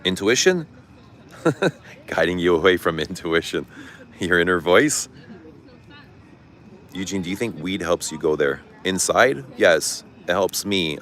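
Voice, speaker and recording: Middle-aged man, very low voice, candid confessional livestream host. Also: a bit bright. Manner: candid, confessional, swears casually. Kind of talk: casual livestream chat reading comments. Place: outdoors. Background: traffic noise.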